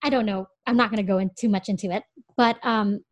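A young American woman co-hosting a podcast, telling a story in an animated way and laughing often. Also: mid-range voice, quick pace, no echo. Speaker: podcast co-host. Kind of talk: casual chat.

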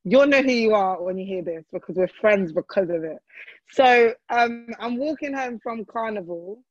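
A woman, co-hosting a casual chat and telling a story in a relaxed way, full of slang. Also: medium pitch, moderate pace, dry recording, dull audio. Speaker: podcast co-host.

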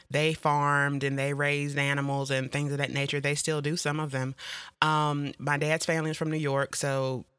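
A woman's voice: fairly bright tone, clean tone, no echo, clean studio sound. A woman, chatting casually as a podcast host and telling stories. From Eastern North Carolina, US. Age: 30s. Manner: chatty, storytelling, quotes herself in a higher voice. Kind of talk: casual solo podcast chat.

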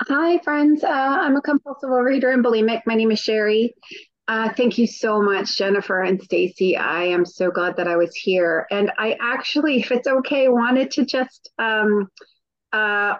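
A woman's voice: medium pitch, no room sound. Woman meeting participant, polite, hesitant, muffled dry call audio. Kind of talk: sharing at a support group call.

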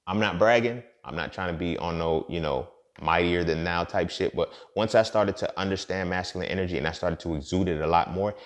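A man with a very low, deep voice delivers a loose podcast monologue. He swears freely and sounds preachy, leaning on fillers like "you feel me" as he works through his points. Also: fairly quick, hardly any pauses. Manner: profane, preachy, conversational with many fillers. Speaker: podcast host. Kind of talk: casual monologue.

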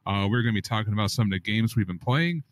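A man's voice: lowish voice, expressive, quick pace. A man hosting a casual gaming podcast, teasing his co-hosts and giving hyped-up introductions. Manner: playful, teasing, hype-style introductions. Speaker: podcast host.

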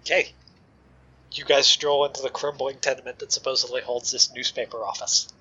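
A man's voice: medium pitch, fairly even intonation, fairly quick, sharp tone, slightly rough. A man narrating scenes as game master of a tabletop role-playing game, in a laid-back descriptive way. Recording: slightly dull lo-fi mic.

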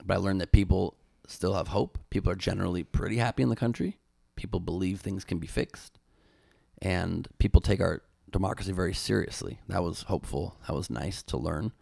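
Gravelly low-voiced man telling a story. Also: a little fast, no room sound, clean studio sound. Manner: animated storyteller, many restarts. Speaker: former presidential candidate and comedian, guest. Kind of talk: casual interview storytelling.

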